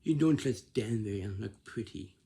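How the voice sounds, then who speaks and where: A man's voice: fairly low pitch, expressive, normal speed, mellow, husky. A man giving casual workplace advice in a repetitive, scolding way, often checking with "right?". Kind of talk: casual instructive monologue.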